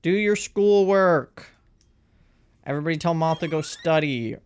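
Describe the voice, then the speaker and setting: A woman's voice: low voice, measured pace, darkish tone, clean tone. Chatty playful streamer woman. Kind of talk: casual gaming stream chat.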